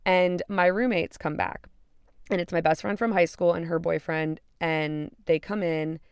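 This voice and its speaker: This podcast host, a woman in her twenties, recounts a personal story frankly and casually, swearing freely and performing the quoted lines. Her fairly low voice is smooth and fairly even, at a measured pace, in studio-quality sound with no room sound.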